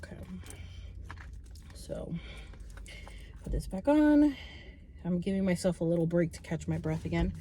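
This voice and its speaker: A woman chatting to the camera in a casual vlog from a parked car, bubbly and chatty, acting out what others said in a high voice. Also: measured pace, long pauses, a little hiss or hum. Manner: chatty and bubbly, retells with excited high quotes. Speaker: vlogger. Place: parked car on a road trip.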